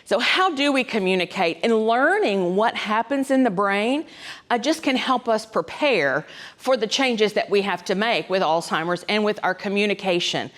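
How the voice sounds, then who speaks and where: Talking to an audience of caregivers, this woman, a specialist in dementia, keeps things homey and chatty, with lots of ums, side remarks, and a habitual "right?" Her medium-pitched voice is expressive and fairly bright, and her pace is normal.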